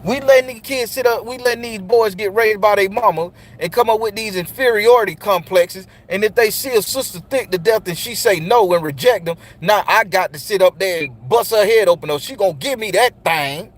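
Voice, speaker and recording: A man's voice: high voice, brisk, hardly any pauses, slight background noise. A middle-aged man talking to other men in a blunt, profane, preachy monologue, speaking directly to his listeners. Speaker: channel host speaking to men. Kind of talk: casual spoken monologue.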